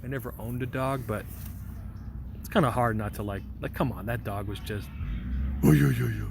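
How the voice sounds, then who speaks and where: A man's voice: medium pitch, fairly quick, a little hiss or hum. A young man livestreaming outdoors in a park, reading out chat messages in a rambling, joking, goofy way. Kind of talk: casual live vlog chat.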